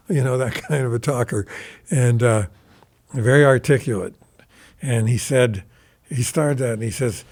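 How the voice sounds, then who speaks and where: Animated older man telling stories. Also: medium pitch, normal speed. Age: 70s. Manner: animated, rambling, swears casually. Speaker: guest guitarist. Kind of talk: casual anecdotal storytelling. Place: recording studio.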